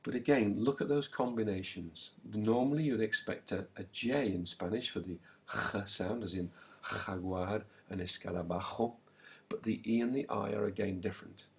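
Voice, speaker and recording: A man teaching a recorded language lesson, slowly and clearly modelling words and pausing so the listener can repeat them. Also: lowish voice. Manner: slow, clear modelling of words with pauses for repetition.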